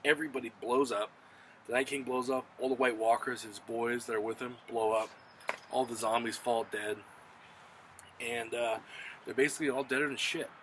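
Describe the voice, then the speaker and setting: A man casually reviewing a TV episode, retelling the plot in an excited, profane, rambling way. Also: medium pitch, normal speed, a little hiss or hum, low-quality recording. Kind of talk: casual spoken recap and review.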